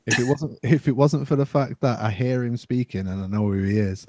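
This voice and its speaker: Man, live stream co-host, low mellow voice, dry close sound, rambling casual chat. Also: steady tone, fairly quick, dry recording. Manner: laughing, rambling.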